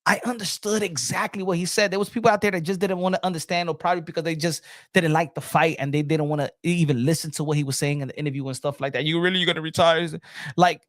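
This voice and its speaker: A man's voice: on the high side, steady tone, fast talker, a bit bright, dry recording, studio quality. A man hosting a boxing podcast in a casual, blunt and profane rant, often repeating words as he restarts his thoughts.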